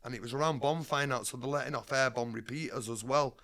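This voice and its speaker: A man's voice: mid-range voice, fast, a bit bright. A man, a guest in an interview, telling his life story bluntly, streetwise and swearing freely.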